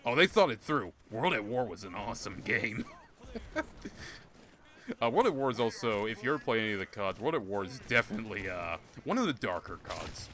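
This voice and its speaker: A man's voice: on the low side, sing-song, a little fast, pushed and bright. A young man streaming a game, chatting casually, joking and laughing often. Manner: joking, laughs often, talks over others. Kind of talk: casual gaming chat.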